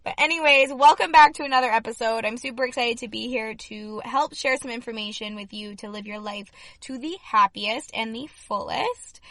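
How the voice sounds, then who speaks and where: A young adult woman hosting a podcast in chatty, upbeat talk, her voice slightly hoarse. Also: mid-range voice, pushed and bright, dry recording. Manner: chatty and upbeat, many fillers. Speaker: podcast host. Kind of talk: casual solo podcast talk.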